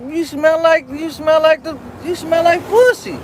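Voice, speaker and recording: A man's voice: extremely high pitch, fairly even intonation, unhurried, a little hiss or hum, voice pushed up. A man putting on the voice of an incredulous, teasing male friend in a retold story.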